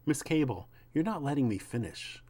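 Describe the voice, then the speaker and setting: A man voicing a composed middle-aged male botanist in a comic book reading, speaking calmly and formally. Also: medium pitch, moderate pace, slightly rough, pitched above the performer's own voice. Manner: calm, formal, courteous.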